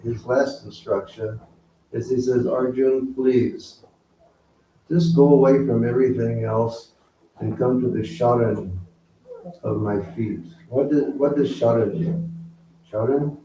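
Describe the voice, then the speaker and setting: A man giving a spiritual talk, teaching slowly and asking the audience questions. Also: medium pitch, fairly even intonation, mellow, a little hiss or hum. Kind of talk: sermon. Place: temple hall with audience. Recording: roomy, distant, dull hall recording.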